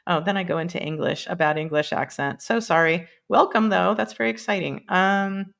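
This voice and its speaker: A woman's voice: fairly low pitch, normal speed, vocal fry, few pauses, a bit bright. A woman hosting a casual live stream, rambling between topics, laughing often and swearing freely. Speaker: livestream host. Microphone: computer mic on a live stream.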